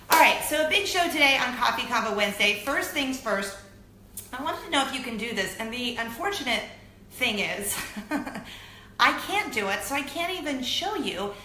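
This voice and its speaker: A woman in her thirties hosting a weekly web show, chatting casually to camera in an animated, self-deprecating way. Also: fairly high pitch. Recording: echoey room with faint noise.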